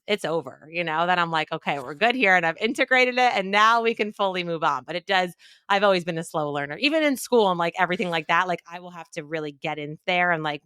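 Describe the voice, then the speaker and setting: A woman speaking as a podcast guest, chatting in a relaxed and expressive way with many filler words. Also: fairly low pitch, smooth, no echo, clean studio sound. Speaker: podcast guest, clinical nutritionist. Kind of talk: casual conversational interview.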